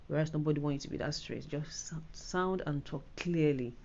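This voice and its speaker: Nigerian woman with a low, mellow voice. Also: brisk, highs cut off, slight background noise. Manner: chatty, rambling, with many restarts and fillers. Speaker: IELTS tutor. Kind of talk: casual spoken tutorial.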